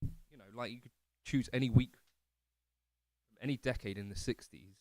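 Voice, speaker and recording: A man's voice: mid-range voice, normal speed, a little mellow. A man hosting a casual livestream from his living room, rambling and self-deprecating as he answers chat comments. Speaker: livestream host.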